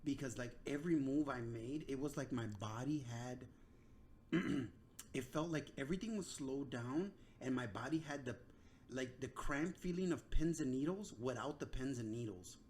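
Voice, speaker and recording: A man hosts a casual podcast, talking in a halting way with restarts and fillers. His voice sits in a middle pitch. Faint background hiss is audible. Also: a little mellow. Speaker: podcast host. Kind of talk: casual chat.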